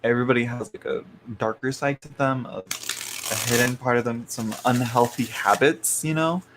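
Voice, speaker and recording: A man's voice: mid-range voice, fairly even intonation, normal speed, noisy background. A man hosting a live tarot reading stream, rambling along with lots of fillers and restarts and frequent chuckles.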